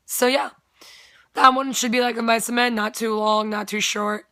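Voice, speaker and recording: A woman's voice: fairly high pitch, fairly even intonation, normal speed, pushed and bright, dry recording, studio quality. A young woman telling a story in a casual vlog, chatty, with plenty of "like" and free swearing. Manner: chatty, swears freely, lots of "like". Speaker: vlogger.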